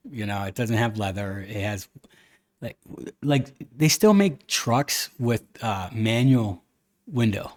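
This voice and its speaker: A man's voice: on the low side, takes it slowly. Casual man hosting a podcast. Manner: animated storytelling, acting out quoted people. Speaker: podcast host. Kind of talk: casual chat.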